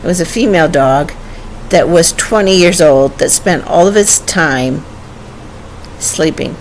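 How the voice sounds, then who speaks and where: An older woman recounts a memory from her childhood in plain, conversational storytelling. Her voice is low and gravelly with a lot of fry, and she often breaks off mid-sentence to restart and to act out what people said. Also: measured pace, a little hiss or hum. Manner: conversational, with frequent restarts and quoted dialogue. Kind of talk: personal storytelling.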